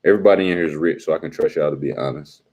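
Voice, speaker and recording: Deep-voiced man chatting with his stream. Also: racing, mellow, muffled recording. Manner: slangy, teasing, talks straight to his chat. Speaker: live-stream host. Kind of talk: casual live-stream chat reading viewer comments.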